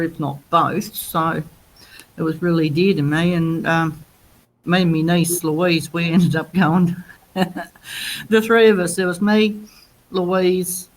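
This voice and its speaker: A woman's voice: low voice, a little hiss or hum, poor audio. An Australian woman hosting a casual chat, talking plainly and unhurriedly. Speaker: host.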